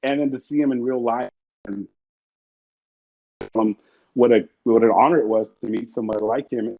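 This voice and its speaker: A man guesting on an interview tells stories in a mid-range voice at normal speed. His casual telling is rambling and profane, with quotes acted out, and the sound is muffled and lo-fi.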